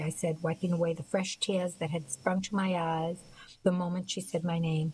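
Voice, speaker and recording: Woman, audiobook narrator, first-person, soft, measured, reflective, lowish voice. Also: steady tone, slight background noise, low-quality recording.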